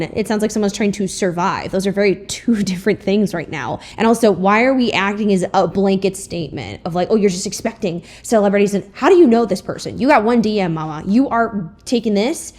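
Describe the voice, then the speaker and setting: A woman's voice: medium pitch, lively intonation, brisk, few pauses, a little mellow. A young woman hosting a reaction commentary, frank and exasperated, swearing freely. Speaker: commentary video host.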